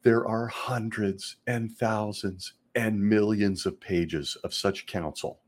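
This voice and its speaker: A middle-aged man with a husky, breathy voice that sits a little low. He hosts a podcast in a sarcastic, mocking tone and breaks into laughter often. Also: fairly even intonation, slow. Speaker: podcast host.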